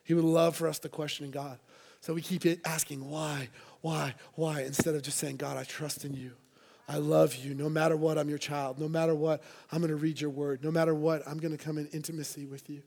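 A man's voice: fairly high pitch, flat delivery, a little fast, gravelly, a little mellow. A man preaching a sermon to a church congregation, earnest and conversational, with playful asides. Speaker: pastor.

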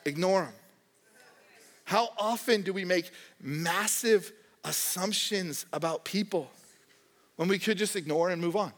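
A man's voice: high voice, a little slow, in a large hall. A young man preaching a sermon in a conversational, joking way, acting out quoted voices. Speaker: pastor.

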